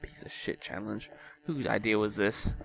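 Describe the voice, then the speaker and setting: A man's voice: on the low side, moderate pace, vocal fry, fairly bright tone. A young man giving live gameplay commentary, swearing often and breaking into frustrated outbursts.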